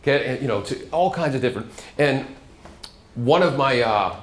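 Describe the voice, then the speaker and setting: A man's voice: medium pitch, expressive, moderate pace. A middle-aged man, a radio host guest-lecturing a college class in a chatty, storytelling way. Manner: chatty storyteller, slips into character voices.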